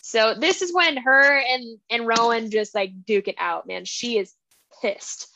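A woman co-hosting a casual book podcast, retelling scenes in an animated way and quoting characters. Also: on the high side, a little slow, slight background noise. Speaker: podcast co-host.

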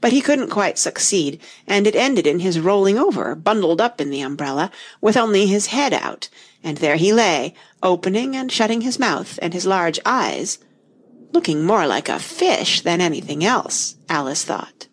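A woman narrating a storybook audiobook, her voice sitting low for a woman. Her delivery is expressive and swings widely in pitch. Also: moderate pace.

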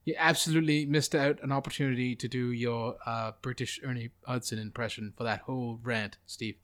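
A man's voice: mid-range voice, steady tone, brisk, fairly bright tone. A man guest co-hosting a podcast, chatting casually with wry jokes and hesitant fillers. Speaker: guest co-host. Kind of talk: casual chat.

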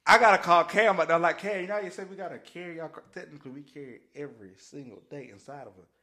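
Man, bright forceful tone, animated storyteller, casual faith chat. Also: a little high, rapid-fire. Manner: animated storytelling, acts out voices and shouts. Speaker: podcast co-host.

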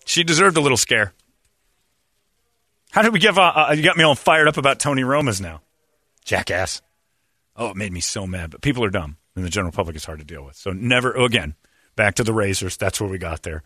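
A middle-aged man hosting a radio show, telling stories in a rambling, animated way. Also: on the low side, brisk, no room sound, studio quality. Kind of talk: morning radio banter.

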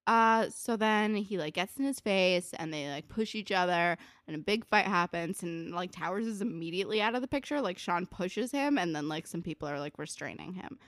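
A woman's voice: fairly low pitch, normal speed, few pauses, fairly bright tone, dry recording, studio quality. A woman chatting casually about a TV episode, sarcastic and full of "like", swearing now and then. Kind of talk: casual recap chat.

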